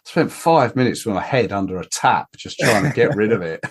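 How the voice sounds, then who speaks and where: Podcast host, voice bounces up and down a lot, relaxed banter. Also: male voice, on the low side, a little fast, breathy edge. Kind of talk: casual chat.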